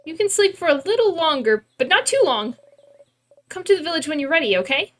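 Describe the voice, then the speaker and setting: A woman's voice: sits high, sing-song, brisk, slight background noise, pitched above the performer's own voice. Mirabelle, a cheerful young woman read by a woman. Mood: encouraging. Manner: gentle, encouraging wake-up calls.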